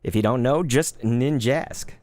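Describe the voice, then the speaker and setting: A man in his thirties chatting casually while opening trading cards live, laid-back and quick to get excited. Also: mid-range voice, dry recording. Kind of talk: live card-opening stream chat.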